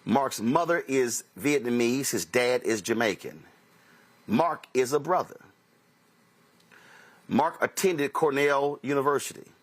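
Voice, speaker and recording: A man's voice: medium pitch, expressive, a little slow, pauses often. A man hosting a talk show, telling anecdotes in an emphatic commentary monologue and acting out dialogue as he quotes himself and others. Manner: emphatic, repeats key phrases. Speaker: host.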